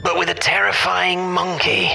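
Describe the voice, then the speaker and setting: A man giving a spooky, dramatized promo narration in a slow, menacing storyteller delivery. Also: high-pitched, animated, sharp tone, rough recording. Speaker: intro narrator. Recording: clear music bed behind voice. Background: music.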